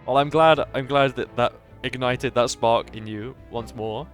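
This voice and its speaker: A man's voice: mid-range voice, fairly even intonation, unhurried, soft background music. A man streaming a game, chatting casually and laughing between lines, with many fillers. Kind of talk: casual gaming commentary.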